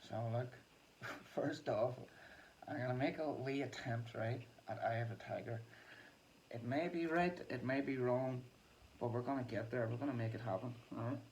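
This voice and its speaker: A man's voice: mid-range voice, normal speed, a little mellow, far from the mic, a little hiss or hum, rough recording. A man, a musician hosting his own vlog, chatting in a loose, self-deprecating way and laughing often. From Ireland. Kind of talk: casual rambling monologue.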